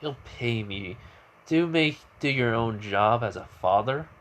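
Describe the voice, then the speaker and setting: A teenage boy hero gone cold and heartless, voiced by a man telling a fan story, tossing off flat, dismissive retorts. The voice sits at a middling pitch, with a faint hum of ambience behind it. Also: unhurried.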